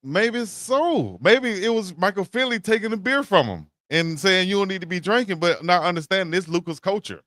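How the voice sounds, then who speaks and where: A man's voice: high-pitched, animated, moderate pace, few pauses, a bit bright, no room sound, studio quality. A man co-hosting a live sports talk stream, earnestly defending his team. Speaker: co-host. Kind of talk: casual sports debate. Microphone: live stream setup.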